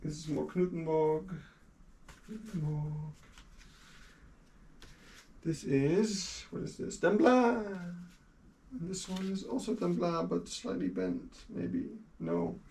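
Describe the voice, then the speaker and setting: A man's voice: a little high, animated, measured pace, gravelly, hardly any pauses, dark tone, far from the mic. Young native-Dutch male streamer, casual and giggly, set back from the mic with faint hiss. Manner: chatty and laughing often, with casual swearing. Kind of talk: casual chat while sorting a collection.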